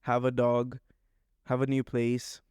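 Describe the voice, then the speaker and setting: A man's voice: medium pitch, completely flat delivery, slow pace, darkish tone, clear, resonant tone, no echo, clean studio sound. A young man, co-hosting a podcast in easygoing, joking chat. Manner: joking, easygoing, addresses listeners as guys. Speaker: podcast co-host. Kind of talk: casual chat.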